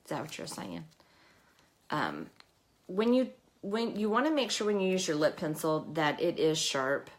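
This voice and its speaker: In a deep, sing-song voice at normal speed, a woman hosts a casual live makeup tutorial. She keeps up nervous chatter, laughs at herself while working, and gives a nervous cough.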